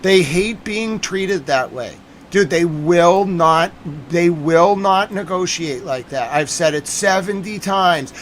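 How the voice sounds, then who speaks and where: High-voiced man ranting on stream. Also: takes it slowly, a little hiss or hum. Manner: excitable, ranting, swears and repeats himself. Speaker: streamer reacting to news. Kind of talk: live-stream news reaction.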